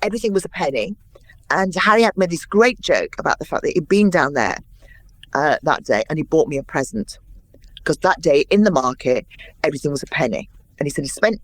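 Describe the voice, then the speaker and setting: A woman in her sixties, a guest in an interview, telling anecdotes in a lively way and acting out what others said. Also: low voice, brisk, no echo. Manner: lively anecdotal storyteller, acts out quotes. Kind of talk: interview storytelling.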